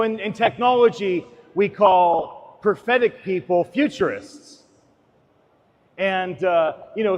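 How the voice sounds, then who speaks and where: High-voiced man preaching in a hall. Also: dull audio. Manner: dramatic, swings between loud and hushed. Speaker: speaker giving a talk. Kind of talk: impassioned sermon-like talk.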